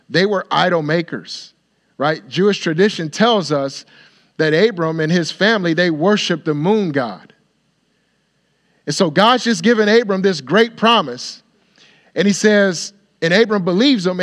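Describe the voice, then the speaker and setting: Expressive preaching man, slightly high voice. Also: a little slow. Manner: expressive preaching, acts out dialogue, drops to soft near-whisper at times. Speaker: pastor. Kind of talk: sermon.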